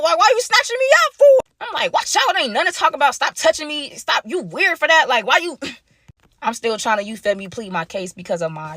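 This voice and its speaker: Fast, animated young woman telling a story. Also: mid-range voice, no room sound, clean studio sound. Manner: animated slangy retelling, acts out quoted dialogue. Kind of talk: casual storytime.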